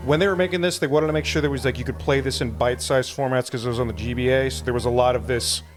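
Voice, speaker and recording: A man's voice: mid-range voice, fairly even intonation, rapid-fire. A man co-hosting a let's play, casually explaining the game's history and mechanics to a friend. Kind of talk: casual gaming commentary. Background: game music.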